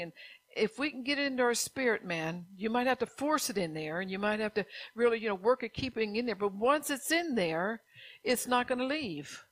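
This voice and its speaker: A woman's voice: medium pitch, no echo. Chatty woman preaching in a dry room. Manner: conversational, lots of "you know", repeats words. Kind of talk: informal sermon.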